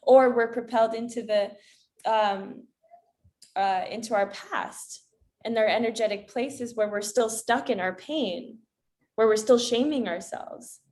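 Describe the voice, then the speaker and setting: A woman coach, a guest on a podcast, talking in a calm and reflective way with spiritual phrasing. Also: on the high side, measured pace. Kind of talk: casual podcast conversation.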